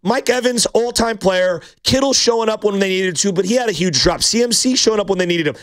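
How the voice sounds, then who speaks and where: A man's voice: high-pitched, brisk, a bit bright, no echo. A man hosting a sports talk show, talking in a rambling, passionate way with frequent restarts. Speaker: sports radio host.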